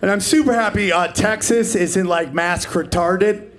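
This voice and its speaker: A man's voice: high voice, a little slow, fairly bright tone. A man in his forties performing a stand-up comedy set, brash and profane, riffing with the crowd. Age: 40s.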